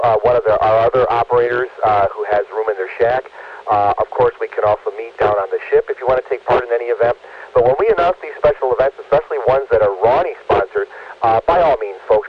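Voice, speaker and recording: A man's voice: medium pitch, lo-fi sound, noisy background. A man running an amateur radio net as net control, chatting in a friendly, rambling way with many fillers.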